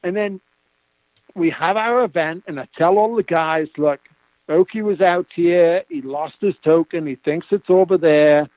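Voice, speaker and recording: Laughing storyteller on a tinny phone line. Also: male voice, high-pitched, a little slow, no echo. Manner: chatty, laughing anecdotes. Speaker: guest metal detectorist. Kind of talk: casual storytelling on a call-in radio show.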